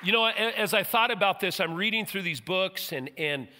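A man's voice: high voice, moderate pace, pushed and bright, long reverb tail, a faint crowd, slight background noise. A middle-aged man preaching as pastor of his church, folksy and joking, with emphatic turns. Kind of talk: sermon. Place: church sanctuary.

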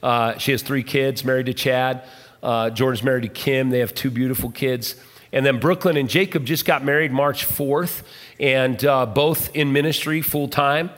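A pastor in his fifties, hosting and telling family stories in an animated way, acting out the quotes. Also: mid-range voice, normal speed. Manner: animated storyteller, acts out quotes. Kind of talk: storytelling chat. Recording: long reverb of a large hall.

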